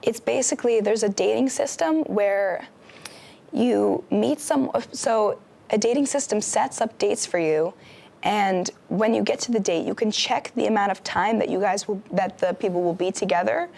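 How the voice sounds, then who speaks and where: A woman's voice: mid-range voice, normal speed, gravelly, darkish tone. A young woman co-hosting a campus TV show, chatting casually about shows and retelling plots with lots of fillers. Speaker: guest co-host. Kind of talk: casual pop-culture chat. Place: campus TV studio.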